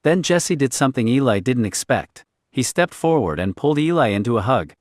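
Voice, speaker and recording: A man reading a story aloud in a quiet, clipped, understated way. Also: mid-range voice, sing-song, brisk, no room sound, studio quality. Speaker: narrator. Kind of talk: scripted story narration.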